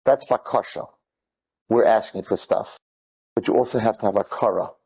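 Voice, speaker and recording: A man, retelling stories in an excited, rambling way, mixing in Hebrew and Yiddish words. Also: on the low side, moderate pace, creaky, slightly rough. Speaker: speaker telling inspirational stories. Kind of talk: animated storytelling talk.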